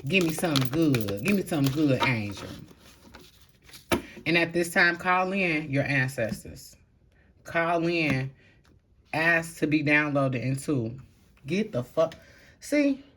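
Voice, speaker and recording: A woman's voice: sits low, slow, long pauses. Blunt, slangy woman reading tarot. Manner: blunt and slangy, swears freely, shifts between calm and loud. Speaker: tarot reader. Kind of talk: casual tarot reading to camera.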